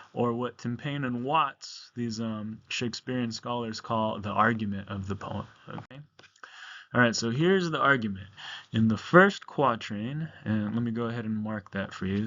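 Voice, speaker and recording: A male teacher talks through a lesson on video in a relaxed, conversational way, full of fillers and check-ins. His voice sits at an ordinary middle pitch. The recording is a little muffled and lo-fi, like a computer mic. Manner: casual, talkative, many ums and okays. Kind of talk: recorded classroom lecture.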